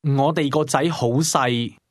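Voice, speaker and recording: A man giving careful, deliberate model pronunciation for a language course. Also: on the high side, no room sound, clean studio sound. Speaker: native speaker model voice.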